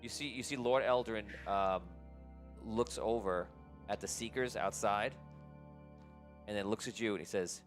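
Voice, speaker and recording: A man's voice: on the low side, measured pace, pauses often, soft background music. A man narrating as game master, often repeating words as he goes.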